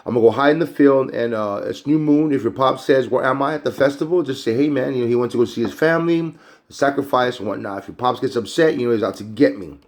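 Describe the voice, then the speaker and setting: A man's voice: mid-range voice, fast talker, lightly acted. A man voicing a stressed young warrior on the run, talking in streetwise slang. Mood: casual.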